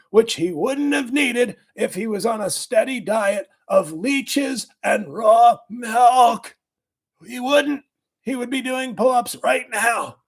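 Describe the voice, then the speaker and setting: A man doing a comedic impression of a boastful, cranky older male health official, with a raspy, strained voice, rambling and bursting into shouts. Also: very high voice, full character voice.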